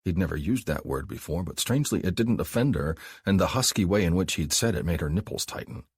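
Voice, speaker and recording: A man narrating an audiobook in a calm, even storytelling manner. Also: low-pitched, brisk, slightly rough, no room sound, studio quality. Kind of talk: scripted narration.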